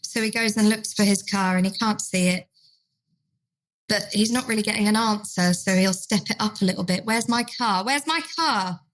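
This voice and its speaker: A woman's voice: mid-range voice, steady tone, brisk, low-quality recording. A woman, a dementia trainer telling a care story in a podcast chat and acting out the quoted voices. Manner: acts out carers' and residents' lines in quoted voices.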